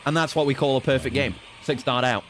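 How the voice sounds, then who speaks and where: A man's voice: mid-range voice, fairly even intonation, fast, fairly bright tone. A man streaming a game, commentating casually with playful, jokey trash talk.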